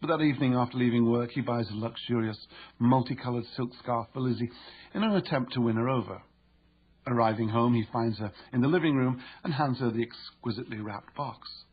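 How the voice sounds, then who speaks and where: Husky-voiced male audiobook narrator. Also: mid-range voice, lo-fi sound. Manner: measured, explanatory. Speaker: author and narrator.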